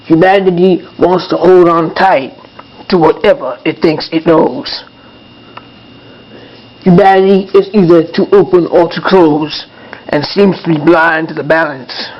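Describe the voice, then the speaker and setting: A man's voice: fairly high pitch, steady tone, measured pace, lo-fi sound. A man voicing a grumpy male puppet who rants angrily in a puppet show monologue, with apologetic asides. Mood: angry. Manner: angry ranting, apologetic asides.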